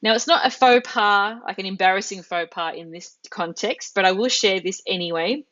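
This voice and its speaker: A woman's voice: mid-range voice, moderate pace, fairly bright tone, dull audio. Patient woman teaching a live language class. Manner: patient, explains step by step with examples. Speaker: Italian teacher. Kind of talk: live online language lesson.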